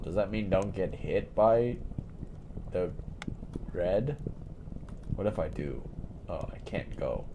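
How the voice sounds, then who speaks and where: A man's voice: low-pitched, lively intonation, takes it slowly, pauses often, background noise. A man streaming a game, giving casual gaming commentary while swearing and laughing at how janky it is.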